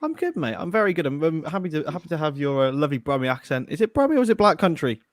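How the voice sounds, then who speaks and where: A man's voice: on the high side, animated, very fast, no room sound, studio quality. A man hosting a live football transfer chat show in a casual, rambling way. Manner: chatty, loose, restarts often. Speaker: podcast host.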